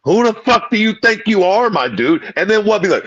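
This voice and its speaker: High-voiced dude ranting and cussing on a podcast, kinda husky, muffled dry mic. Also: male voice, brisk, dry recording. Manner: animated, swearing, ranting, slangy. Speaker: podcast co-host. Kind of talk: profane casual chat.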